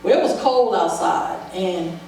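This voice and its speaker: A woman's voice: lowish voice, animated, unhurried, warm tone. Woman testifying in an echoey church. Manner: vivid storyteller, acts out the dialogue. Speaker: church member giving testimony. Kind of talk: personal testimony at a church service. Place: church sanctuary. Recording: very echoey hall, voice from far off, faint noise.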